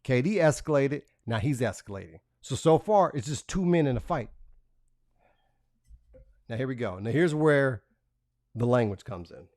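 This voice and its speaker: A man's voice: mid-range voice, lively intonation, normal speed, pauses often, darkish tone, no room sound, clean studio sound. A man hosting a live stream, talking casually and reading messages aloud in a profane, mocking way, laughing between lines. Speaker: livestream host.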